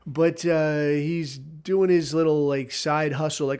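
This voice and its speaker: A man's voice: on the high side, fairly even intonation, takes it slowly, darkish tone, clean tone. A man hosting a podcast, telling a rambling story in a casual, profane, sardonic way. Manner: rambling, heavy swearing, sardonic. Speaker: podcast host.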